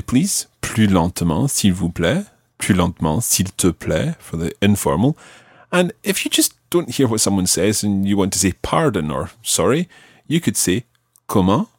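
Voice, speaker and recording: A man's voice: lowish voice, sing-song, a little slow, husky, no room sound, studio quality. A man teaching a language lesson on a podcast, patiently prompting his learner with questions.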